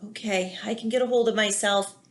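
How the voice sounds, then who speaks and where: A woman teacher voicing a young bear cub who is talking himself calm, in a plain, lightly voiced read-aloud manner. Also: mid-range voice, brisk, lightly acted.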